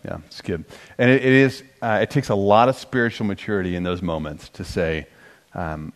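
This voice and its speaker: A middle-aged man teaching a marriage course in a relaxed, conversational way, joking at his own expense and getting animated when he quotes himself. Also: sits low, moderate pace.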